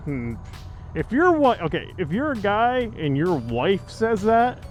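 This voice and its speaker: A slightly high-voiced man riding a motorcycle through city streets, talking into his helmet mic. He rambles and cracks jokes, filling his sentences with casual asides. A faint wash of music sits underneath. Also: sing-song, measured pace. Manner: joking, rambling, heavy on fillers. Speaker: motovlogger. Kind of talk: casual chat while riding.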